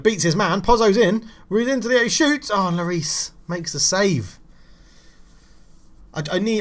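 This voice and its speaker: A man narrates his football management game in a loose, chatty way. He grumbles and swears under his breath, then bursts into loud excited shouts when the play gets close, with a mid-range voice that swings widely. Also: mid-range voice. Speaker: gaming channel host. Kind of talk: casual football game commentary.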